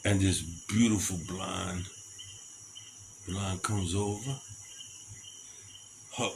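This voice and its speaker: A man telling a rambling personal story in a casual, animated way and acting out other people's lines, outdoors at night with crickets behind him. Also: low-pitched, extremely slow, vocal fry, long pauses, background noise.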